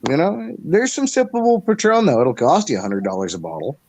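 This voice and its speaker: A man's voice: on the high side, expressive, a little fast, darkish tone, slight background noise. A man in his thirties in casual chat on a stream, making dry joking asides.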